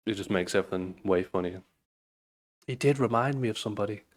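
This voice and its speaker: British male reaction host, low-pitched, stuffy-nosed, rambling and easygoing. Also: quick pace. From Britain. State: blocked nose. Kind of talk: casual chat.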